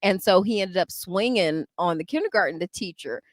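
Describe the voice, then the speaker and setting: A woman co-hosting a podcast, chatting casually about a book, laughing often and acting out lines with animated voices. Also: on the low side, fairly quick, dry recording, studio quality. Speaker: podcast co-host. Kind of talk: casual book club chat.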